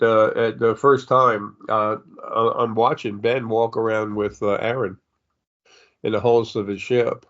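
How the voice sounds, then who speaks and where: Older guy medium rambling on about spirits, sniffly, lots of uhs, kinda muffled lo-fi sound. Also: mid-range voice. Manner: meandering, many fillers and restarts. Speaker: psychic medium.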